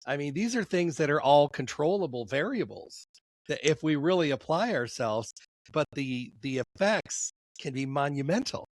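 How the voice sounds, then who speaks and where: A man hosting a casual interview, telling stories in a lively way and acting out the people he quotes. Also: a little high, moderate pace, no echo. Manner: animated storyteller, acts out quoted voices. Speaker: host.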